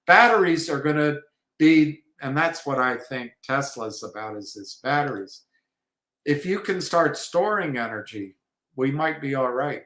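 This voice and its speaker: Halting man in an echoey room. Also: mid-range voice, bright, forceful tone. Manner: halting, many restarts and fillers. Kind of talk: rambling commentary on markets and trading.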